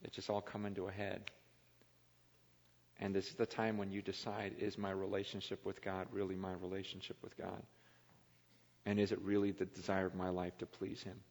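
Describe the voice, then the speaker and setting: A man preaching a sermon as a pastor, earnest and confessional, often dropping to a quiet, halting voice. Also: low voice, completely flat delivery. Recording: long hall reverb.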